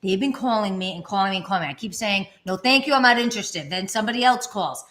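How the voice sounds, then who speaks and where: A woman's voice: mid-range voice, fast. A woman co-hosting a casual vlog, telling stories and acting out the people in them with a raised voice. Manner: animated, acts out quotes in raised voice. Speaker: vlog co-host. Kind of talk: casual storytelling chat. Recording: echoey room.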